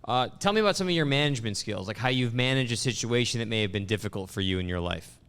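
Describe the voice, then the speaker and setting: A man hosting a comedy podcast, asking mock-serious interview questions in a deadpan way. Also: medium pitch, quick pace, clean tone.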